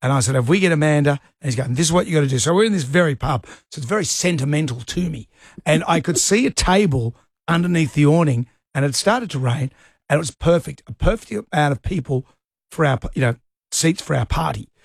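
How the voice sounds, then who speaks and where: A man's voice: fairly high pitch, expressive, fast talker, gravelly, breathy edge, no echo, studio quality. A middle-aged Australian man hosting a radio show, telling a rambling story in casual chat. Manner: rambling anecdotes with laughs. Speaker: radio host.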